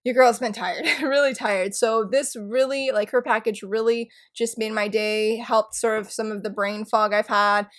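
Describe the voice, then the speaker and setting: Gushing, excitable young woman vlogger. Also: a little high. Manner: gushing, excitable, quick self-corrections. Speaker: book vlogger. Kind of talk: casual chat.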